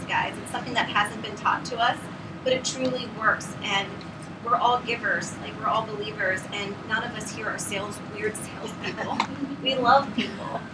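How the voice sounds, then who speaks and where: A woman in her thirties gives an earnest, tearful thank-you speech as a newly promoted area manager, rambling with many fillers. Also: fairly high pitch. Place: meeting room with audience. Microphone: camera at the back of the room. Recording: distant camera in a meeting room, noisy.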